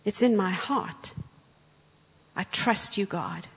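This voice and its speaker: Woman guest preacher, animated storyteller, husky and echoing in a church. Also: medium pitch, slow pace. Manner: animated storyteller, acts out quotes. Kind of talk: sermon with storytelling. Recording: church hall with long reverb.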